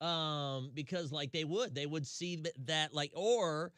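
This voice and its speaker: Unhurried and smooth, this Southern-accented radio host from Tennessee, US, has a fairly high, fairly bright voice, captured in studio quality with no echo. In the radio studio he keeps the chat casual and loose, laughing easily between stories.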